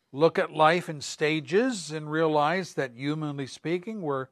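A man preaching a sermon as pastor, slow and deliberate, rising on emphatic words. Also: a little high, dry recording, studio quality.

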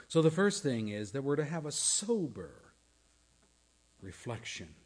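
A man's voice: sits low, darkish tone, slightly rough. A male pastor preaching a sermon, earnest and questioning, sometimes dropping to a near-whisper for emphasis.

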